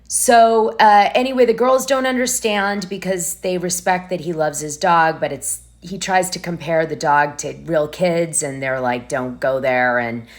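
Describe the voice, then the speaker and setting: Woman with a deep speaking voice, chatty gossip-channel host rambling through a reality-show recap. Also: steady tone, a little slow, few pauses.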